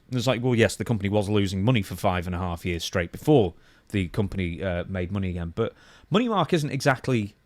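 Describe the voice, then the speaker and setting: A man's voice: fairly low pitch, fairly quick, dry recording. A man co-hosting a podcast, reading news quotes aloud and then commenting on them conversationally. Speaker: podcast co-host.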